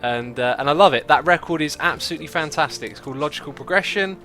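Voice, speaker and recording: A man's voice: fairly high pitch, quick pace, pushed and bright, faint music behind. A man hosting a gaming livestream, chatting casually, laughing often and reading out donations and chat messages. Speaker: streamer host.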